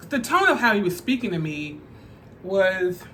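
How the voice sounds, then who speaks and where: A woman's voice: medium pitch, very animated, normal speed, pushed and bright, slight background noise. A woman telling a personal story on her vlog in a casual, chatty way, full of fillers. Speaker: vlogger. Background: faint background music.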